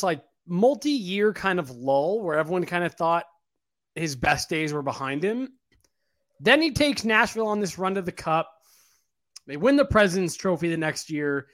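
Male podcast co-host, numb-mouthed, loose and rambling, a bit high-pitched. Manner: rambling, many fillers and restarts, casual swearing. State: mouth numb from dental work. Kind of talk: casual sports podcast chat.

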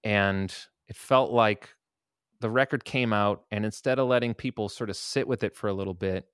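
A musician guest in a casual interview, telling laid-back stories and swearing casually. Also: male voice, lowish voice, normal speed, fairly bright tone, clear, resonant tone, no room sound, clean studio sound.

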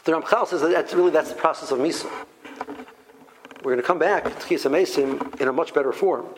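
A man teaching a Torah class in an animated way, full of rhetorical questions and restarts. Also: fairly high pitch, a little hiss or hum, low-quality recording.

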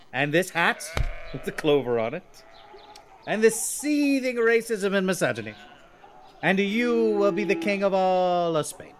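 A man's voice: high-pitched, background noise, exaggerated voice. A man voicing a blustery leprechaun in a comedy improv scene, with a mock-blessing manner.

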